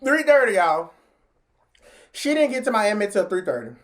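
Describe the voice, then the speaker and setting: A woman telling a story in a casual vlog, chatty and slangy, talking straight to her viewers. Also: moderate pace. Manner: animated, jumps into high pitch when acting out what people said.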